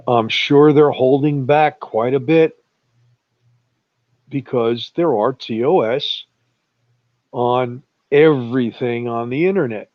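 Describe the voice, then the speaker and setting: A man in casual online talk, drawling slowly and chuckling as he tells stories. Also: mid-range voice, dry recording. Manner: slow, drawling storyteller, chuckles often. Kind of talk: casual chat. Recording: muffled lo-fi voice chat.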